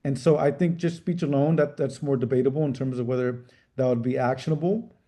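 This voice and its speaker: Mellow-voiced man, careful legal talk. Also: mid-range voice. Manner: measured, careful, frequent restarts. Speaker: civil rights trial attorney. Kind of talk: interview answers.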